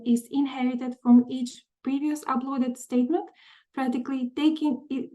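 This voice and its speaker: A woman presenting a software walkthrough in a webinar, methodical, often pausing with "um" and repeating words. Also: sits high, poor audio. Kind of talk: webinar screen-share walkthrough.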